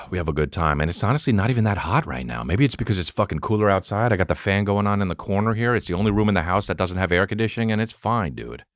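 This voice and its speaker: Alone at home with a fan running, a man hosts a podcast as a loose, profane, rambling comedic monologue that hops between topics. He has a deep, animated voice and talks fast, and the studio-quality recording has no room sound.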